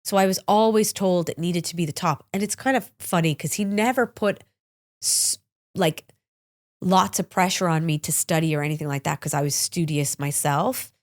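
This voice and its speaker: Chatty, slightly lower-voiced woman podcast host. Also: normal speed. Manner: chatty, open, with frequent "like" and restarts. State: slightly congested, sniffling. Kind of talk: candid personal storytelling.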